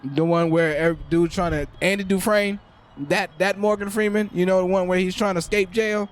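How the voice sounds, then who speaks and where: A man's voice: high voice, fairly even intonation, brisk. A man hosting a podcast, talking casually, laughing often and trailing off into repeated words. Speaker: podcast host.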